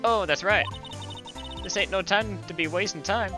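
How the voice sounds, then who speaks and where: A man's voice: sits high, normal speed, voice pushed up, lightly acted. A man voicing a brash, pushy woman photographer with a put-on Southern US drawl in a video game. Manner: loud, bossy drawl. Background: game music.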